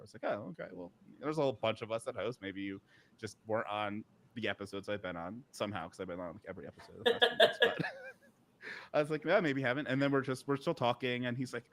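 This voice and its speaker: At a live podcast recording at a conference, a male co-host chats casually, spinning a long story full of fillers, restarts and a few laughs. His mid-range voice is animated, fast and fairly bright, with a little hiss or hum.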